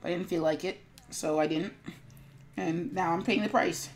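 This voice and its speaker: A woman's voice: on the low side, fairly even intonation, moderate pace, slight background noise. A woman streamer chatting casually to viewers while she works on an animation, rambling with lots of fillers and mumbling to herself.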